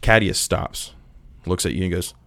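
A man narrating as game master of a tabletop role-playing game in a relaxed storytelling manner. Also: deep voice, gravelly. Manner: relaxed storytelling, voices NPCs in quick bursts.

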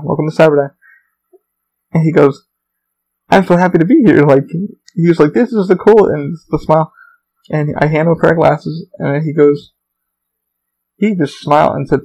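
A man's voice: on the high side, gravelly, a little mellow, rough recording. A man hosting his own podcast, telling rambling, profane stories about his theme park job. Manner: profane, rambling, heavy swearing. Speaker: podcast host. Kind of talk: rambling casual storytelling.

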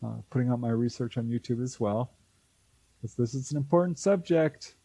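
Man, dark mellow tone, husky, dry close sound, animated storyteller, interview guest. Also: medium pitch, normal speed, no room sound, low-quality recording. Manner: animated storyteller who acts out quoted voices. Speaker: author and UFO researcher, guest.

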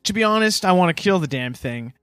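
Touchy, earnest patchwork bard, played by a man: defensive, fairly high voice. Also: expressive, fast, fairly bright tone, clean tone, no echo, faint music behind. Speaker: podcast host, player.

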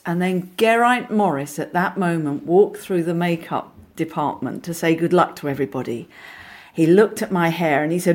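An actress telling lively anecdotes in a casual interview, with frequent restarts and asides. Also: female voice, lowish voice, moderate pace. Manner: animated storyteller, many restarts, acts out voices. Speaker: actress guest.

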